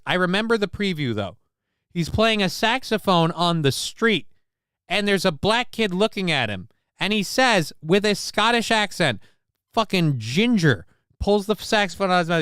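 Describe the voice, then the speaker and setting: A man's voice: high voice, fairly bright tone, clear, resonant tone, no echo, studio quality. A man hosting a livestream, chatting casually and reading out viewer comments in a rambling, profane, joking way. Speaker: livestream show host.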